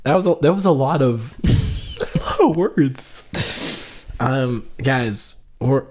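A man's voice: mid-range voice, expressive, slow, darkish tone. A young man co-hosting a casual podcast chat, teasing his friend in a playful way and laughing along. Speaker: podcast co-host.

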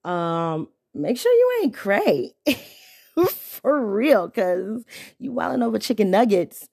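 Animated woman telling a dating story. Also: takes it slowly, creaky, breathy edge, dry recording, clean studio sound. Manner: animated, exclaims with sharp pitch jumps when indignant; slangy, conversational. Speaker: podcast host. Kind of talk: casual storytelling monologue.

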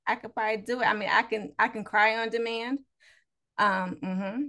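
A woman's voice: on the high side, fairly even intonation, moderate pace, bright, forceful tone. A woman co-hosting a podcast over a video call, telling candid, laughing stories. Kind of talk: casual chat.

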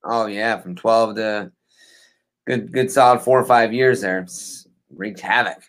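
A man co-hosting a podcast in casual chat, easygoing and rambling with halting restarts. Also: fairly low pitch, fairly bright tone. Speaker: podcast co-host.

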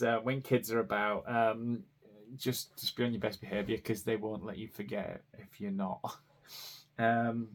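A man, hosting a podcast and telling personal stories in a rambling way with self-deprecating asides. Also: mid-range voice. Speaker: podcast host. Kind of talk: casual personal storytelling.

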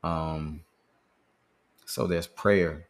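A man's voice: rumbling low, steady tone, very slow. A man hosting a podcast, talking earnestly and casually about handling anger, often repeating words as he thinks. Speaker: podcast host. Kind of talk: casual motivational talk.

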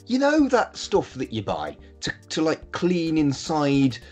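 A man's voice: fairly high pitch, wildly swooping pitch, unhurried, a little mellow, soft background music. A man in casual podcast chat, rambling and crude with a self-deprecating streak. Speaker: podcast co-host.

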